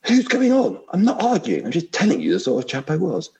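A man's voice: a little high, wildly swooping pitch, fairly quick, gravelly, warm tone, dull audio, pitched above the performer's own voice, full character voice. A man reading aloud and voicing a big, aggrieved male ghost who insists on his rights. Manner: indignant, complaining.

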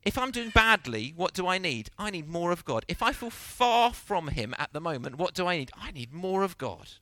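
A middle-aged man preaching a sermon, telling the story with lively acted-out voices. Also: sits high, moderate pace, no echo. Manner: animated storytelling, acting out quotes.

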